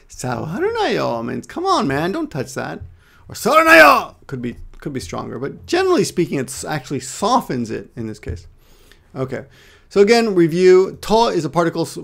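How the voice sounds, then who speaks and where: A man teaching Japanese to English speakers in a casual online lesson, explaining step by step and repeating words slowly. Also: mid-range voice, vocal fry, a little mellow.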